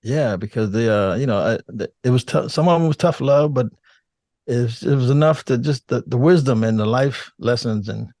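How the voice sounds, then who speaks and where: An older man with a deep, calm radio voice, chatting casually as a podcast guest, relaxed and laughing, with halting restarts. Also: no echo, clean studio sound. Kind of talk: casual interview chat.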